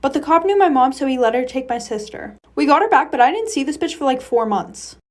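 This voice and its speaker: Blunt high-voiced young woman telling stories. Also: expressive, brisk. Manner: candid, blunt, swears freely. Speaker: storyteller. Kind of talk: casual story-time monologue.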